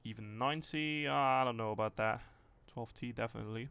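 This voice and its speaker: A male streamer talks his way through a tank game, thinking out loud in a loose, rambling manner. His voice has a gravelly, fry-heavy edge at an ordinary pitch. He swears now and then, relaxed and unpolished. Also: fairly quick, dry recording. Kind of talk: casual livestream commentary.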